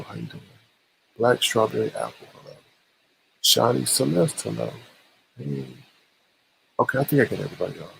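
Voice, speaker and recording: A livestream host, a man, chats casually and greets his viewers one by one. His voice goes through a swooshing voice modulator and carries a strong gravelly fry. A faint hiss sits under it. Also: mid-range voice, poor audio. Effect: voice modulator with a swooshing sound.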